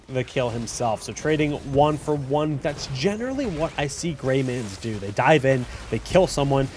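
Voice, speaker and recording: A man talking through game replays in a loose, chatty way at a middle pitch. He trips over his words and restarts often, and he jumps into excited yelps when a play goes wrong. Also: normal speed, hardly any pauses, a little hiss or hum. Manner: chatty, self-correcting, bursts into excited shouts at big plays. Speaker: host commenting on viewer-submitted game replays. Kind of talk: casual game replay commentary.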